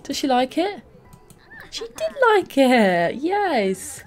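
This is a young woman hosting a game playthrough. Her voice sits fairly high and leaps up and down. She sounds endlessly excitable, piling on exclamations as she reacts. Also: slow pace, faint music behind. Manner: gushing, excitable, many exclamations. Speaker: let's play host. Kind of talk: gameplay commentary.

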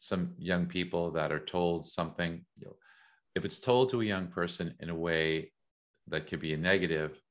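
A middle-aged American man talking as an interview guest, thoughtful and measured, often repeating words as he thinks. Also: sits low, steady tone. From United States. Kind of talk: reflective interview talk.

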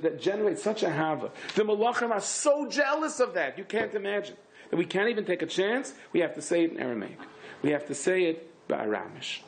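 A rabbi with a somewhat high voice teaches a Torah class, moving between quick asides and sudden high, emphatic peaks. He mixes Hebrew and Yiddish words into his English. A faint hiss of noise runs under the recording. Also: vocal fry.

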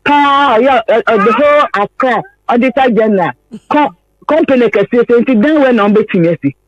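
A woman's voice: fairly high pitch, expressive, moderate pace, dry recording, dull audio. A woman from Ghana, a caller, earnestly recounting her personal story on a radio phone-in, pleading and repeating herself.

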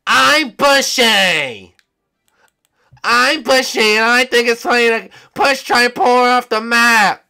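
A man putting on a squeaky, drawn-out voice of an old male friend he compares to a librarian. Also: vocal fry, bright, forceful tone, clear, resonant tone, exaggerated voice. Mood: mocking.

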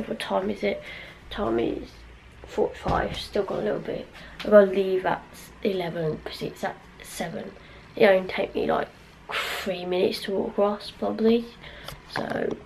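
A woman's voice: medium pitch, vocal fry. Rambling young woman vlogger. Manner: rambling, unsure, sighing and muttering. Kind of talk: casual vlog chat. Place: at home indoors, then outdoors walking to a supermarket. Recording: noisy handheld vlog recording.

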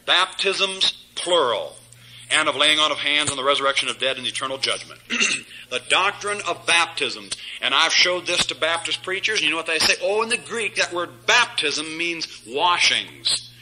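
A man's voice: on the high side, sharp tone, slight background noise, rough recording. A middle-aged man preaching an emphatic Bible study sermon as pastor, chuckling at his own jabs.

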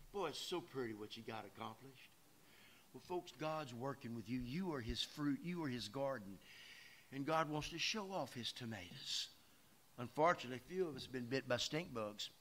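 A man preaching a sermon as pastor, folksy, shifting between loud emphatic lines and quiet asides. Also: a little high, slight background noise. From Louisiana. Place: church sanctuary.

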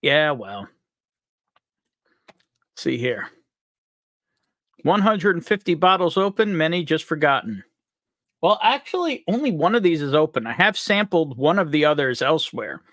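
Lively, upbeat man hosting a livestream. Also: on the high side, moderate pace, no echo, studio quality. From upstate New York. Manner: upbeat, jokey, reads out chat names. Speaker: livestream host. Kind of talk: live chat greetings on a whiskey stream.

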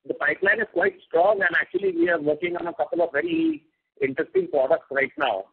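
A company executive answering analyst questions on an earnings call in a measured, reassuring way. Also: male voice, sits high, sing-song, creaky, breathy edge. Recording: tinny phone line.

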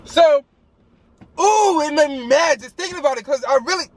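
Man vlogger, high pitch, animated storytime, chatty fillers, faint background hum. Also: moderate pace. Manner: animated, acts out every quote; loose, chatty, many fillers. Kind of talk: casual storytime while eating.

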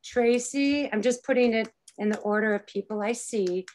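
A woman's voice: on the high side, moderate pace, darkish tone. A woman leading an online improv class over a video call, explaining game rules patiently and encouragingly. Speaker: improv workshop leader.

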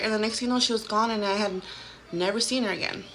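A woman's voice: mid-range voice, steady tone, fast talker, fairly bright tone. A woman in her thirties telling a haunting story to a phone camera at home, casual and chatty, full of "like" fillers. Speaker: vlogger.

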